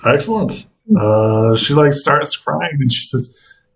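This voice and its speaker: Man, game master, husky, laid-back, conversational. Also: mid-range voice, slow, low-quality recording. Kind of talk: running a tabletop game.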